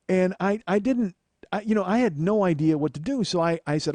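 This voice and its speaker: A man's voice: sits high, fast, no echo. A man in his forties, a comedian and podcast host, telling a profane story and acting out both sides of the dialogue. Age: 40s. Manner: profane, animated anecdote-telling with acted-out dialogue. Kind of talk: casual comic storytelling.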